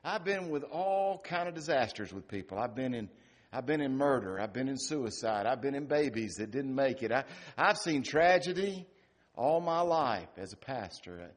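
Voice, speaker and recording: A middle-aged male pastor preaching a sermon, rising to loud emphatic peaks and dropping to quiet, hushed lines. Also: mid-range voice, expressive, normal speed.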